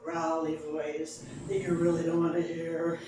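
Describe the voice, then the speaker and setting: A woman's voice: low voice, measured pace, background noise. A woman telling a story to a live audience, acting out the scene with voices. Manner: expressive, acts out the scene with voices. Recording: very echoey room, far mic, audible ambience. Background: room ambience and audience laughter.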